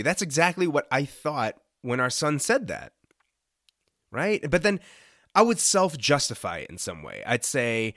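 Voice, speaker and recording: A man's voice: a little high, very animated, normal speed, a bit bright, dry recording. Young guy doing a chatty devotional talk, voice bounces around a lot, keeps asking right?, dead dry sound. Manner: conversational, often asks "right?"; earnest, lightly joking. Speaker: podcast host.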